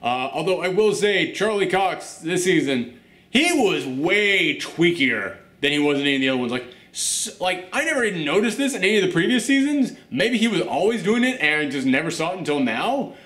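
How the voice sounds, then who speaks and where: A man hosting a casual reaction show, talking in an animated, chatty way with lots of fillers. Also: sits high, brisk, echoey room. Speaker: host.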